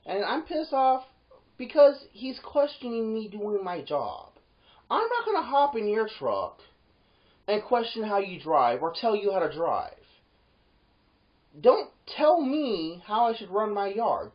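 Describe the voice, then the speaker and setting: A yard gate security guard tells a workplace story as a loose, casual monologue. His pitch rises when things get heated and sinks low for asides, and the recording sounds dull and lo-fi.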